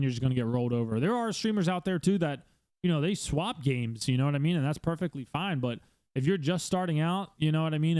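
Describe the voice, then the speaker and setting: A man's voice: fairly high pitch, a little mellow, clear, resonant tone, no room sound. A male streamer hosting his own podcast, giving blunt casual advice with lots of swearing and fillers, talking from a room at home.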